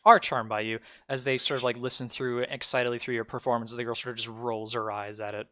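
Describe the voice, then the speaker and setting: A man's voice: medium pitch, flat delivery, fast talker, pushed and bright. A man narrating as game master in a loose, rambling way, full of fillers.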